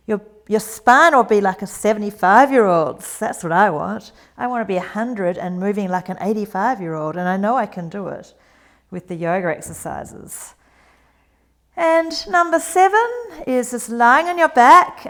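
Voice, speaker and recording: A woman in her forties teaching a yoga routine, gentle and encouraging with chatty asides. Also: medium pitch. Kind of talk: guided exercise instruction.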